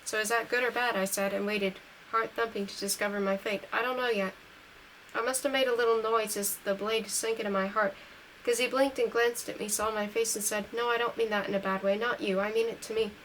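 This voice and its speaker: A woman's voice: mid-range voice, steady tone, fairly quick, rough recording. Woman reading a novel aloud, faint background hiss. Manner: reads dialogue lines a little louder and livelier than narration; corrects her own slips aloud while reading. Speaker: audiobook reader. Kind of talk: amateur read-aloud of a novel.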